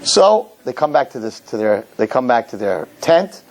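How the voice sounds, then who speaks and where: A rabbi giving a lecture, telling a funny story and acting out its characters before drawing a lesson. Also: male voice, mid-range voice, moderate pace, low-quality recording. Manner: animated storyteller, jokes, acts out characters. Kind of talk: humorous sermon lecture.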